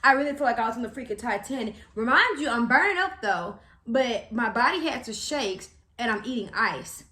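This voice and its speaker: A young woman, telling a story to camera in a chatty, animated way, with slang and acted-out quotes. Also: a little high, brisk, reverberant. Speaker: vlogger.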